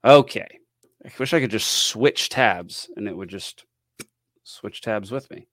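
A man with a slightly low voice talks off the cuff as a podcast host, rambling and wry, trailing off into ums and small laughs. The sound is dry and close, with no room echo. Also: a little slow, a bit bright. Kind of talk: casual commentary.

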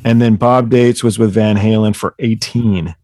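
A man chatting casually as a podcast guest, an excitable storyteller who swears freely and often trips over his own restarts. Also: on the low side, moderate pace. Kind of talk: casual chat.

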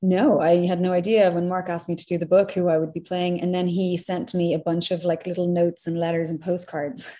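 Irish actress as interview guest; warm, lowish voice, easy storyteller. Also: female voice, level tone, brisk, few pauses. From Ireland. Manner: chatty storyteller, laughs often. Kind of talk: casual interview chat.

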